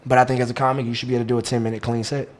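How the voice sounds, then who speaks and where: A man's voice: medium pitch, level tone, very fast. A man, a guest comic chatting in a laid-back way. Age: 20s. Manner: laid-back, keeps asking "you know what I'm saying". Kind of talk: casual chat.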